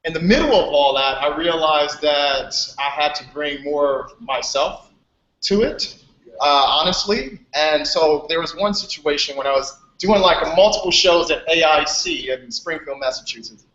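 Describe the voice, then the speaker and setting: A young man, a Playfair presenter, telling stories in a casual chat on a group video call, animated and laughing. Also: on the high side, moderate pace, slight background noise. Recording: echoey, dull video call audio.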